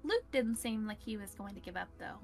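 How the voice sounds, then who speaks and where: A woman's voice: mid-range voice, animated, a little fast, a little mellow, faint music behind. A woman reading a visual novel aloud to friends. She narrates playfully and breaks off to joke.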